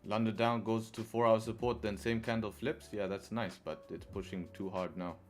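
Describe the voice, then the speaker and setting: A man's voice: on the low side, steady tone, moderate pace, soft background music. A man giving live trading commentary on a stream, talking to his viewers and laughing often in frustration. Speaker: forex trader live streamer.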